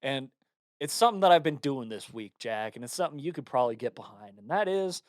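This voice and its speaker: A man's voice: medium pitch, animated, fast talker, no room sound, clean studio sound. A young man co-hosting a podcast, bantering casually and jokingly with plenty of swearing. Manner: joking, profane, bursts into mock voices. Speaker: podcast co-host.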